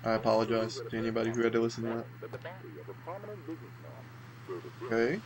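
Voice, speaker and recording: A man's voice: mid-range voice, completely flat delivery, normal speed, a crowd in the background, poor audio. A young man chatting casually as he plays through a horror game, self-deprecating and chatty. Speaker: let's play host. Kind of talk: casual gameplay commentary.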